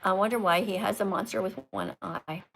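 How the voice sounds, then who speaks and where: A woman's voice: mid-range voice, a little fast, gravelly, a bit bright, slight background noise. A woman in her sixties hosting a livestream, chatting casually, teasing callers and reading viewer comments aloud. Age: 60s. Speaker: livestream host.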